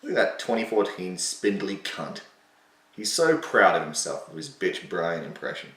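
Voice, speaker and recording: A man's voice: deep voice, big pitch swings, normal speed, a bit bright, reverberant, recorded from a distance. A man hosting a casual, self-mocking commentary on his own old video, sarcastic and swearing freely.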